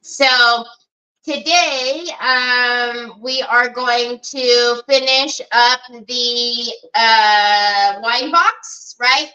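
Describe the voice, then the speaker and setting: A woman's voice: sits high, sharp tone, rough recording. A middle-aged woman hosting a live crafting stream, chatty, greeting viewers by name with many fillers. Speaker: crafting livestream host.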